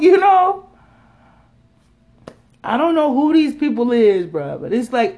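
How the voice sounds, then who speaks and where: Laughing woman ranting on a podcast. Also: high-pitched. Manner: animated, laughing often, slangy and teasing. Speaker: podcast host. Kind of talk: casual solo podcast rant.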